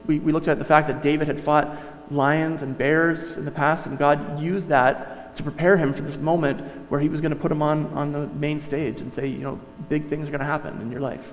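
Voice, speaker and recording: Chatty male pastor in a reverberant hall. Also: on the high side. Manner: conversational, self-correcting, with asides. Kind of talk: sermon. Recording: dull sound, long reverb, mains hum.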